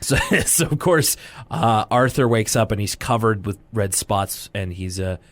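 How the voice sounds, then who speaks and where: A man's voice: on the low side, measured pace, dry recording. A young man co-hosting a podcast, casually recapping a cartoon episode with jokes and rambling asides. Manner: rambling, joking, animated quoting. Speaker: podcast co-host.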